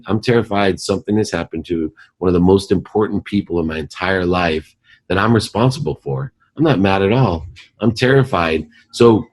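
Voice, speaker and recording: A man with a very low, deep voice speaks as a podcast guest. He tells a life lesson in an earnest, emphatic, almost preacher-like way. He sounds like a driven executive in his forties. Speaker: guest, company CEO. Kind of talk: motivational storytelling in a podcast interview.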